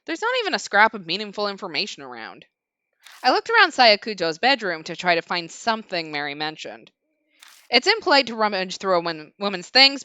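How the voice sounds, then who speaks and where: A woman reading the inner narration of an anxious young male lord trapped in a haunted mansion from a horror game, in her own lively voice. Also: fairly low pitch, smooth, dry recording.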